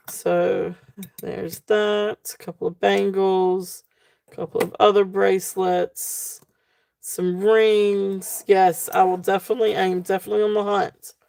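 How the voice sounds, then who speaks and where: A woman hosting a live jewelry sale stream, talking casually with many fillers and a relaxed, tired manner. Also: mid-range voice, vocal fry.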